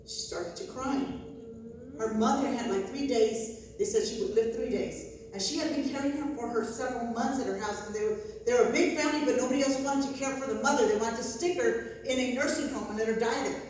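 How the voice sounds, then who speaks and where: A woman minister telling a humorous faith testimony, animated and often laughing as she acts out dialogue. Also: fairly high pitch, fairly quick. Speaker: Christian minister. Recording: echoey hall, distant mic, noisy.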